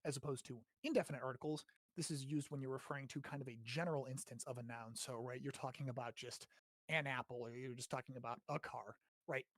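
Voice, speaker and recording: This is a studio-quality, dry recording of an American man teaching grammar in a relaxed, conversational style, peppering his talk with "right?" and the odd swear word. He speaks quickly at a medium pitch, with fairly even intonation and a somewhat bright tone.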